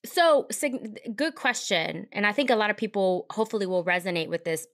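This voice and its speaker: A woman's voice: medium pitch, animated, moderate pace. A woman with a mid-range voice talks through her thoughts on a podcast. She is candid and reflective, often restarting her sentences as she goes. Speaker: podcast co-host. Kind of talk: casual podcast conversation.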